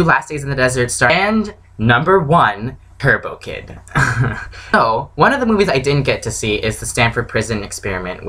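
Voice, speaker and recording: Young woman vlogger, casual excitable storytelling, gushing fan energy. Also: very deep voice, low-quality recording. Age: young adult.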